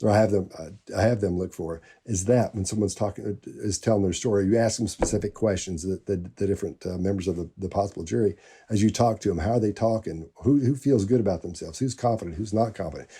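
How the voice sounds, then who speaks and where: Deep, dark, husky male expert. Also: quick pace. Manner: loose, rambling explanations with restarts. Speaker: body language expert and jury selection trainer. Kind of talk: panel discussion.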